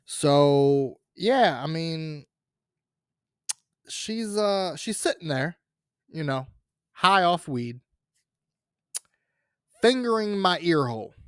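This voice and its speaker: Rambling, profane man telling a story, slow and lively. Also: on the high side, smooth, no echo, clean studio sound. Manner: rambling, profane, with many fillers and restarts. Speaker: podcast host. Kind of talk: casual comic storytelling.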